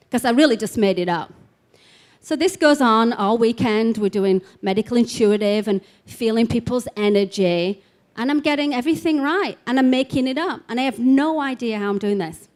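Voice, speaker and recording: Woman, animated storyteller, live expo talk, somewhat high voice, acts out quotes. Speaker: speaker at a spiritual expo.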